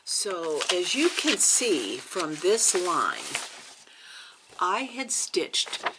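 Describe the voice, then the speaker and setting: Slow, gravelly woman telling a story. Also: on the low side, very noisy. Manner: slow, animated storytelling with dramatic hushed asides. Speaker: cross stitch vlogger. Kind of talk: casual storytelling vlog.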